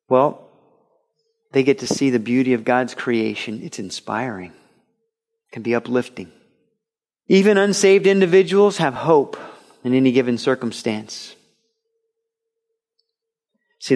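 A man preaching a sermon with emphasis, repeating phrases and moving between loud and quiet passages. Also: medium pitch.

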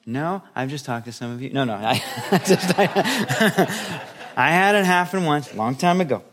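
A middle-aged man delivers a sermon as pastor, with a voice of ordinary pitch. He preaches in a lively, playful way, slipping into quick acted-out scenes to make his points. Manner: animated, playful preaching that acts out little scenes.

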